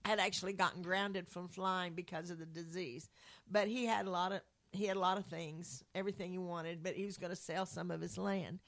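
A woman telling a religious testimony story to a group in an earnest, rambling conversational way, with frequent restarts. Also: lowish voice. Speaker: speaker sharing a faith testimony.

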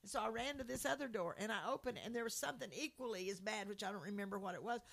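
A woman's voice: mid-range voice, racing, vocal fry, a bit bright. A woman giving an earnest, heartfelt personal testimony and reading scripture aloud to viewers of a Christian program.

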